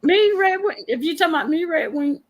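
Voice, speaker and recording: A woman's voice: very high-pitched, animated, a little fast, poor audio. A woman from Texas with a Texan accent, hosting a casual livestream, chatting with viewers, laughing often and stammering on repeated words. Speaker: livestream host. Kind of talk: casual livestream chat reading comments.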